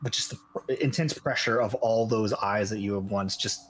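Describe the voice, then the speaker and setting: A man running a tabletop game as game master, describing scenes in unhurried narration. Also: lowish voice, husky.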